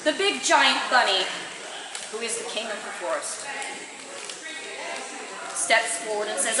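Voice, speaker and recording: A woman telling a story live, playful and animated. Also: on the high side, unhurried, pauses often, distant mic, crowd noise. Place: indoor event hall. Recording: echoey hall with a live audience.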